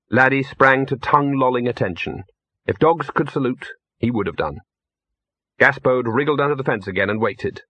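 A husky male narrator reading an audiobook in a measured, dry storytelling manner. His voice is mid-pitched, and the recording is close and dry with a slightly dull tone. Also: no room sound.

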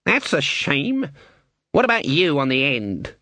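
A man voicing a stern, sharp-tongued old witch woman with a mocking, bossy manner. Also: on the high side, huge pitch swings, measured pace, dry recording, exaggerated voice. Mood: scornful.

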